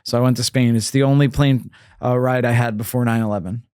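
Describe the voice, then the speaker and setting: A man's voice: medium pitch, fairly even intonation, fast talker, darkish tone, smooth, no room sound, clean studio sound. Rambling man hosting a podcast. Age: 30s. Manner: rambling, many fillers and restarts. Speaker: podcast host. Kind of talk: casual chat.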